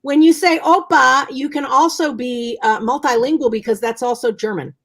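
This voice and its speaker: A woman's voice: fairly high pitch, normal speed, husky. A woman in her sixties co-hosting a casual chat show, joking about herself and laughing often. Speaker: co-host. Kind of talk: casual live-stream chat.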